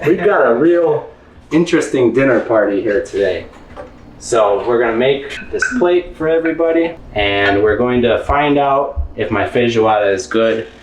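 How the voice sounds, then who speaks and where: A man's voice: mid-range voice, roomy sound, slight background noise, low-quality recording. A man hosting a casual cooking vlog, cheerfully talking viewers through a recipe in his home kitchen. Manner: upbeat, addresses viewers directly.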